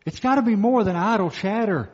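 A man with a slightly high voice preaching a sermon in what sounds like a church hall. He is emphatic, slows down on the key phrases and repeats them for weight. The sound is a little muffled, and a long reverb trails behind every phrase. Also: animated, darkish tone, breathy edge. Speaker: pastor.

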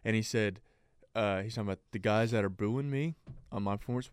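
Man, podcast co-host, smooth resonant voice, chatty, rambling, dry studio sound. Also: fairly low pitch, fairly quick, no echo. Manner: rambling, filler-heavy, laughs easily. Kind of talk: casual chat.

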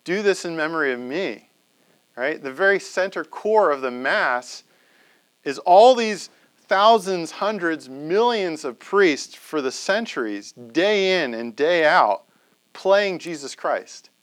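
A man's voice: a little high, lively intonation, slow, a bit bright. A man giving a conversational classroom lecture to a live audience, often checking in with "right?".

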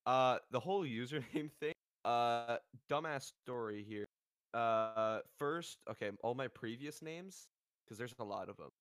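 A man's voice: mid-range voice, unhurried, fairly bright tone, smooth. A man as a podcast guest in casual chat, laid-back, joking and crude.

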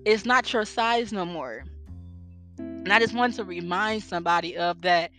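A woman's voice: medium pitch, moderate pace. A young woman giving an earnest, faith-based motivational talk, with rhetorical questions and a preacher-like way of speaking. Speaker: inspirational speaker. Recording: guitar music bed under voice. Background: guitar music.

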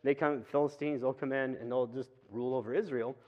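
A man's voice: mid-range voice, steady tone. Chatty man preaching in a reverberant hall. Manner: chatty, acts out quick asides and voices. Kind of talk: casual conversational sermon. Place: church. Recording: reverberant hall, dull lo-fi sound.

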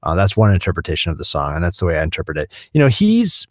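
A man co-hosting a podcast, talking in easygoing, jokey casual chat and musing out loud. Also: low-pitched, huge pitch swings, fast, dry recording, clean studio sound. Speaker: podcast co-host.

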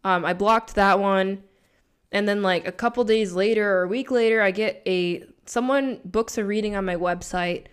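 A woman, a spiritual coach and tarot reader, telling a story in casual chat, animated and laughing, with many "like" fillers. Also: mid-range voice, normal speed, clear, resonant tone.

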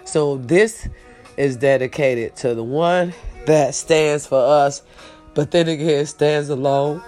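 A woman's voice: low-pitched, takes it slowly, warm tone, soft background music. Emotional woman talking to viewers. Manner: emotional, repeats phrases, speaks straight to viewers; preachy and encouraging, praises God and family. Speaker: online show host. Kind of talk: casual heartfelt livestream talk.

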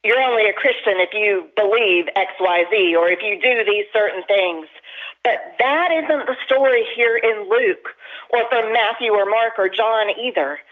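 An earnest pastor preaches a sermon at an even middle pitch, slowing down to lean on the phrases that matter. The voice comes through narrow and tinny, like a telephone line. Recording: tinny phone-line sound.

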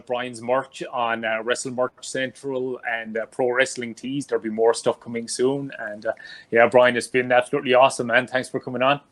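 A male interview host with a mid-range voice speaks haltingly, filling pauses with "uh". He keeps thanking his guest eagerly. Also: medium pitch, fairly bright tone. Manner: halting, many "uh" fillers, enthusiastic thanks. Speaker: podcast host. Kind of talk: casual interview.

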